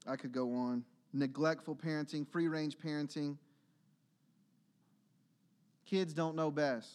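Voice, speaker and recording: A male pastor with a fairly high voice delivers a sermon in a church. He is earnest and builds to emphatic, urgent exhortation. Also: flat delivery, a little slow, a little mellow.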